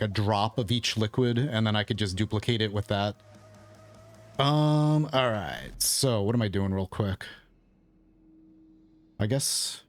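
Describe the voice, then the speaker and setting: A man's voice: on the low side, slight background noise. A man who is losing his voice, casually thinking aloud as he explains his gameplay as the host of a gaming video.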